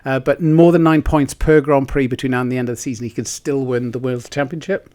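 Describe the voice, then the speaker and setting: A man's voice: medium pitch, fairly even intonation, fairly quick, darkish tone. A man, co-hosting a podcast and telling a rambling, self-deprecating story with laughs mixed in. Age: 60s. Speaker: podcast co-host. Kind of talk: casual chat.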